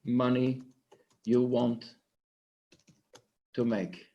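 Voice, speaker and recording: A man giving an impassioned, blunt motivational pitch to an online group, swearing freely and sounding emotional. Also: steady tone, extremely slow, gravelly, highs cut off. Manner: intense, blunt, swearing, preachy. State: emotional, sniffling. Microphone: online conference microphone.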